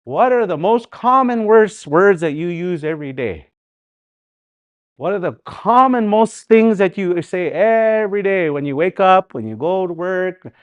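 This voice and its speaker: A man with a Canadian Dakota community accent leads a live language class, talking in a relaxed, conversational way. His voice sits a little high, and he repeats example words patiently and drifts into friendly asides. The sound is dry and close, with no room around it. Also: a little slow, smooth, no room sound. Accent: Canadian Dakota community English. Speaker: language teacher.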